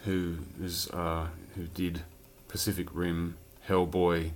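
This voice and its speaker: There's a little hiss or hum behind this deep, level-toned man, who speaks slowly. He's a collector showing his films and rambling casually, swearing from time to time.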